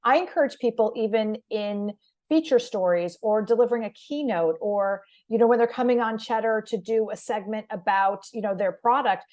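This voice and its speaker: A woman podcast host and communication coach, talking through ideas in a measured conversational way. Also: on the high side, darkish tone. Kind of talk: conversational interview.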